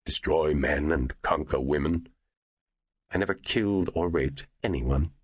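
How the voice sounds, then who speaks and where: Guy reading as an arrogant rich mogul, irritable and demanding, pushed up higher than his deep husky voice. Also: measured pace, no room sound, clean studio sound, exaggerated voice. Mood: boastful. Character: arrogant rich middle-aged male media mogul, irritable.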